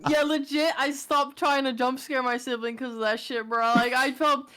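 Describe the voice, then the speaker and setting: A woman's voice: sits high, steady tone, moderate pace, sharp tone. A young woman guest chatting casually on a stream, laughing often as she tells embarrassing stories. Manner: laughs often, self-deprecating storytelling. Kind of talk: casual chat.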